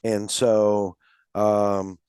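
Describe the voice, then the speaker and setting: A man's voice: on the low side, little pitch movement, very slow, a little mellow, smooth, no room sound, clean studio sound. A man hosting a casual podcast, rambling along with many fillers as he runs through plans and thanks sponsors. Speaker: podcast host.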